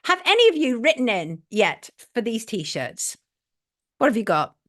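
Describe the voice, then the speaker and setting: A woman's voice: on the high side, very animated, measured pace, fairly bright tone. A middle-aged English woman hosting a live online talk show, opinionated and blunt, repeating her points for emphasis and reading out viewer messages.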